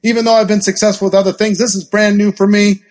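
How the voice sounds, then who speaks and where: Animated high-voiced male sales trainer. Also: fast talker. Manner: animated, acts out scripts and gasps for effect. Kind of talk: live training talk with role-play examples.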